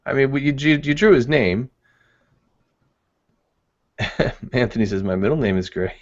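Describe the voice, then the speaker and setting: A man's voice: medium pitch, lively intonation, a little slow, highs cut off. A man co-hosting a live webinar in casual chat, laughing often and reading the chat aloud. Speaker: webinar co-host.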